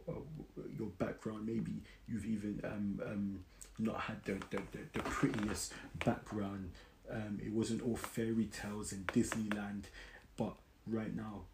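A man hosting his podcast in a casual motivational monologue, earnest and often repeating himself. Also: fairly low pitch. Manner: earnest, repeats words and restarts. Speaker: podcast host. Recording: roomy echo with clear background noise.

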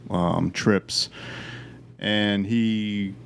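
Male, father, deep gravelly voice, halting casual delivery. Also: steady tone, slight background noise. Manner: halting, restarts often. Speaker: father of a son. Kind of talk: casual chat.

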